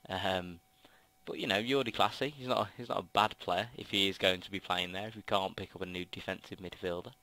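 A young Brummie man talks through a football management game in a low voice with a bright, forceful edge. He rambles and stacks up ums and restarts, speaking into a headset mic in a dry, close-sounding space. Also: fairly quick, dry recording, rough recording. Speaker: gaming commentator. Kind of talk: casual game commentary. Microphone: gaming headset mic.

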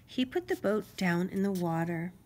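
A woman reading a children's storybook aloud in an expressive, sing-song way. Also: on the low side, normal speed. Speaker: storybook reader.

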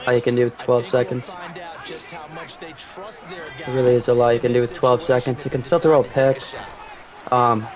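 A young man giving live commentary on his own video game, talking casually, swearing, and yelling at big plays. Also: mid-range voice. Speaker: gaming streamer.

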